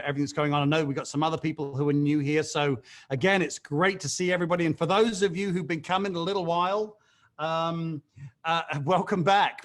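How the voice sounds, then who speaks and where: Man, middle-aged, host of a team video call, enthusiastic, joking, somewhat high voice, lots of fillers. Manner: chatty, upbeat, self-mocking jokes, frequent fillers. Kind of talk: energetic video call pep talk.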